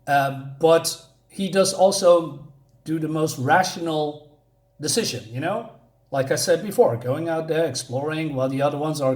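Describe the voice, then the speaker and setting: Rambling, fairly high-voiced man. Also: moderate pace, a little mellow, reverberant. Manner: rambling, conversational, thinking aloud. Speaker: comic book reviewer. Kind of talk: casual spoken review.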